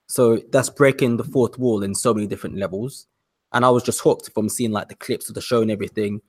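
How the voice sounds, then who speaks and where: A man in his thirties from the UK, telling a rambling, animated story in a casual podcast chat. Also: medium pitch. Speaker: podcast guest.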